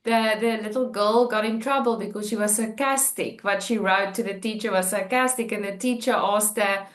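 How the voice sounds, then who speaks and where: A woman's voice: medium pitch, fairly even intonation, moderate pace. Encouraging woman host in a roomy space. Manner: warmly encouraging, laughs often. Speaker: interview host. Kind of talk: casual interview talk.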